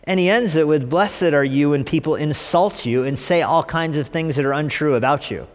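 Joking pastor preaching in an echoey hall. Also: male voice, fairly high pitch, brisk, hardly any pauses. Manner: humorous, animated preaching with mock voices. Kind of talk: sermon. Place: church sanctuary.

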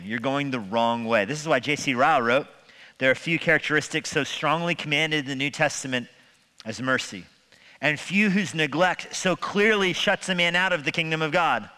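Male pastor, sermon, conversational with humor, bright voice, long church reverb. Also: medium pitch, clean tone. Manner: conversational preaching with humor and rhetorical questions. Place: church sanctuary.

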